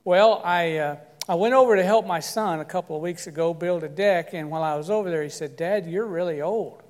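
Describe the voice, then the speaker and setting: An older man preaching a sermon in a church sanctuary, his voice fairly high for a man. He talks in a folksy, self-deprecating way, easing into scripture with a homely story. The room rings with a long reverb. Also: a little fast. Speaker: guest pastor.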